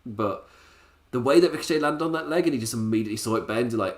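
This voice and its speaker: A man's voice: medium pitch, fast talker. A man reviewing a wrestling show in a casual, sarcastic way, often laughing. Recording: roomy echo.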